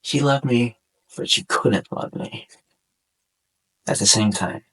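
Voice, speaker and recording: A young man hosting a casual podcast, speaking in a subdued, halting way with a sore throat, as if on the verge of tears. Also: medium pitch, a bit bright, husky, poor audio. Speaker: podcast host. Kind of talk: casual personal monologue over gameplay.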